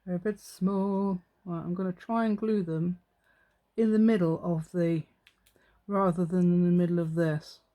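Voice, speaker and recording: A woman's voice: on the low side, fairly even intonation, unhurried, dark tone. An English woman hosting a craft tutorial, chatting casually with self-mocking, rambling asides and frequent laughs. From England. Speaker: craft channel host.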